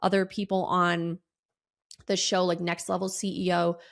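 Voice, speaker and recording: A woman's voice: lowish voice, flat delivery, normal speed, vocal fry. A woman hosting a solo podcast, telling a personal story in a chatty way with many ums and restarts. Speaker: podcast host.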